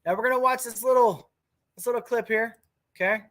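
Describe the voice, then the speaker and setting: A man's voice: very high-pitched, fairly even intonation, brisk, fairly bright tone. A man hosting a podcast, ranting bluntly and casually, swearing a lot. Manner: crude, blunt, swears freely. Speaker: podcast host. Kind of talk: casual opinion rant.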